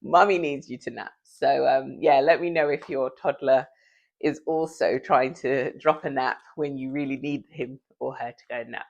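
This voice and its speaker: A woman's voice: rumbling low, fairly even intonation, moderate pace, creaky, a little mellow, muffled recording. A woman vlogging from home in casual chat, chatty and confiding, often out of breath.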